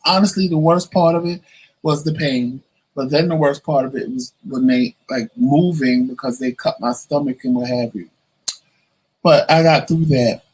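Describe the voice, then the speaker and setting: Husky-voiced chatty man vlogging. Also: fairly high pitch, normal speed, rough recording. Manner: chatty, animated, acts out quoted voices. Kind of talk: casual storytelling to camera.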